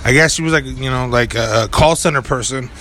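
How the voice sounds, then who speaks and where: A man's voice: mid-range voice, brisk, bright, forceful tone, slight background noise. A young man telling a rambling story in casual chat, full of filler words and swearing. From California. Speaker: podcast co-host.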